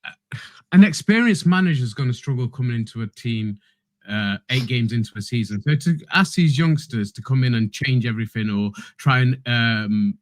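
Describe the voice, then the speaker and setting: A man's voice: medium pitch, moderate pace, dry recording, studio quality. A man on a football fan panel making his case earnestly, with plenty of ums and restarts. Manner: earnest, argues his point with fillers. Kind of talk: live fan show panel chat.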